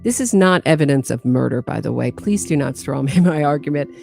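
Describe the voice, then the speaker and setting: A woman with a very low voice and a gravelly, fry-laden edge talks in a measured, pointed way. Faint music sits behind her. She sounds like she is making a careful case. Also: lively intonation, a little mellow. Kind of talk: critical commentary on a case.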